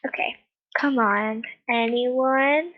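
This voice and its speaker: A woman's voice: fairly high pitch, slow pace, phone-quality sound. A woman hosting a gaming channel in a chatty, rambling way, often sighing and giggling, with a non-American accent. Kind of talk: casual gameplay commentary.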